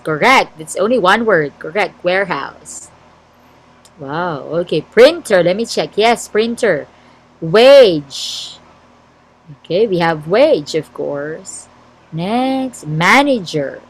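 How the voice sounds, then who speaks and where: A woman's voice: on the low side, low-quality recording. A woman with a Filipino English accent, teaching an online class and reading out and checking her students' answers in a word game. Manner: checks answers aloud, encouraging.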